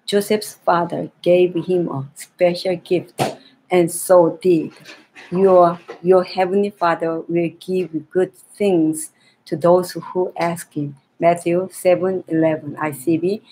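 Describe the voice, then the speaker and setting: A woman reading a Bible story aloud to young children in a gentle way, often restarting and repeating phrases. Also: fairly low pitch, steady tone, takes it slowly, slight background noise, rough recording.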